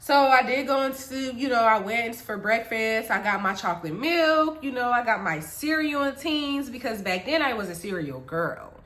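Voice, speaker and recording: A woman's voice: fairly high pitch, moderate pace, few pauses. A young woman from the Caribbean telling a storytime vlog, chatty and talking straight to her viewers. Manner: animated, chatty, addresses viewers directly. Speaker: vlogger. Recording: echoey room.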